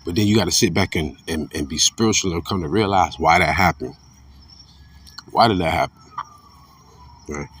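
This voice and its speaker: A man's voice: moderate pace, pauses often, a bit bright, husky, dry recording, recorded from a distance. Blunt, fired-up preaching man. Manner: blunt, profane, repeats himself, swings from fired-up to low and muttered. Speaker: religious commentator. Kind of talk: informal preaching monologue.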